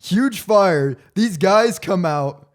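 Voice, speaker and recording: A young man co-hosting a podcast, telling a story with animated delivery and stumbling restarts. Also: high-pitched, very slow. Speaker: podcast co-host. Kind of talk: casual storytelling.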